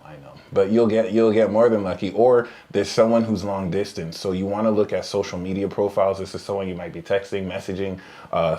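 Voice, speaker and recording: A man's voice: lowish voice, a little mellow. A man co-hosting a live podcast, reading tarot cards in a casual, joking way and laughing often. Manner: joking, laughs often, trails off mid-sentence. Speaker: podcast co-host, tarot reader.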